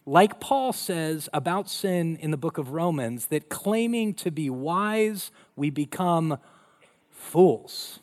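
Middle-aged guy from colorado preaching, animated storyteller, bit higher voice swinging all over. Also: slow pace. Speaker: pastor. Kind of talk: sermon.

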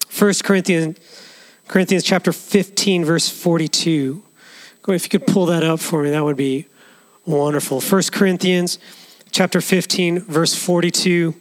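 A man's voice: high-pitched, unhurried. A male pastor preaching a sermon in an earnest way, with frequent restarts.

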